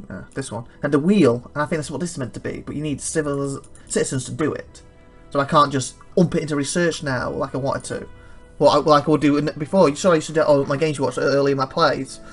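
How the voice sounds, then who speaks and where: A man commenting on his own strategy game, thinking aloud and rambling fast with a dry throat he keeps clearing. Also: fairly high pitch. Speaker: let's play host. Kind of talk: gameplay commentary.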